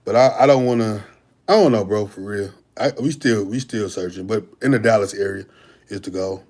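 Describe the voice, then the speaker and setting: A young bodybuilder hosts a casual livestream Q&A, answering viewer questions in a laid-back, slangy manner. His voice sits on the low side, a little mellow, and he talks fairly quickly.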